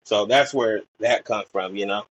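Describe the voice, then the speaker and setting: A man's voice: fairly low pitch, normal speed, a bit bright, husky, no room sound, poor audio. A young man from Portland, Oregon, a podcast guest telling stories in a rambling way, full of fillers and acted-out quotes. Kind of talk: casual storytelling chat.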